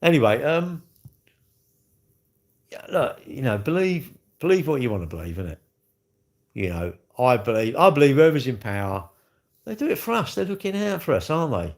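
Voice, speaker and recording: A man's voice: medium pitch, sing-song, normal speed, pauses often. A man hosting a livestream, chatting casually and joking with viewers in a rambling way. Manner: rambling, jokey banter. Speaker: livestream host.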